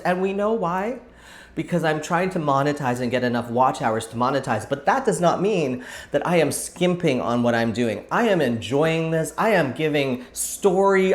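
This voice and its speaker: A man hosting a casual craft vlog, talking on in a rambling, thinking-aloud way, picked up by a camera set back across the table. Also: a little high. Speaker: vlog host. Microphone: camera set back at a distance on the table.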